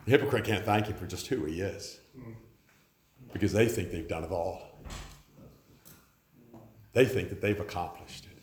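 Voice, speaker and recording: A pastor in his forties with a deep voice preaches a sermon at normal speed with long pauses, in a reverberant space with slight background noise. He tells stories and acts out the voices of the people he quotes.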